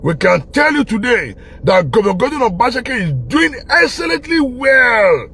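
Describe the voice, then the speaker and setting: A man's voice: high voice, big pitch swings, brisk, creaky, breathy edge. A Nigerian man speaking with a Pidgin-flavoured accent, giving a passionate, preachy political monologue full of repetition. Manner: preachy, repetitive, with bursts of laughter and shouting. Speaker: online commentator.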